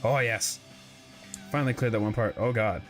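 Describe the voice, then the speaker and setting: A man talking through his game play at a mid-range pitch, full of exclamations and sheepish apologies. He jokes at his own expense as he goes. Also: normal speed, faint music behind. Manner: exclaiming, self-deprecating, apologetic. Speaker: gaming video host. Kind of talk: let's play commentary.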